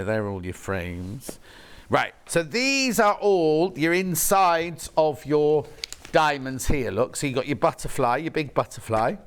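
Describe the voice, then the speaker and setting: Lively chatty man presenting on shopping TV. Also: medium pitch. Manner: chatty, points out each fabric, reads viewer messages. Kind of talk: live TV sales demonstration. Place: TV studio.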